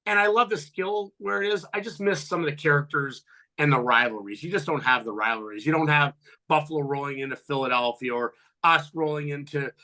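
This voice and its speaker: A man in his fifties, a former pro hockey player, telling profane locker-room stories as a podcast guest and loudly acting out what people said. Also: on the high side, brisk. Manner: animated, profane, acts out quotes loudly. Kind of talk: storytelling in a podcast interview.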